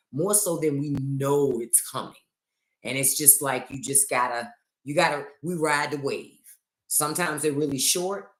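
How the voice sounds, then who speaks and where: A woman's voice: low voice, a bit bright. A middle-aged woman hosting a casual livestream chat, joking and telling stories with theatrical flair into a phone. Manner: chatty, joking, theatrical storytelling. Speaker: livestream host. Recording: echoey room.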